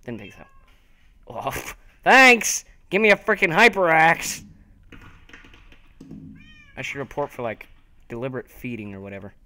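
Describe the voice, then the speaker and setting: A young man giving excited, taunting commentary over his own gameplay, talking to himself as he plays. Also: mid-range voice, a little slow, pauses often. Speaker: gaming video host.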